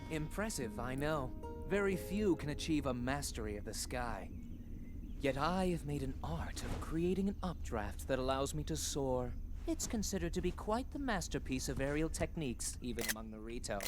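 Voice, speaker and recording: A man's voice: medium pitch, big pitch swings, moderate pace, over music, natural voice. A man voicing a smug bird warrior. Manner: condescending, boastful. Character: arrogant male bird warrior, boastful archer. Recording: noisy game audio.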